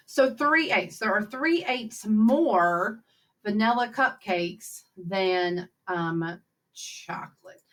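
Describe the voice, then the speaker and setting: Over slides, a woman teacher walks students through fraction problems in a chatty, upbeat way, thinking aloud at every step as if speaking to kids. Her voice runs on the high side and sounds a bit bright.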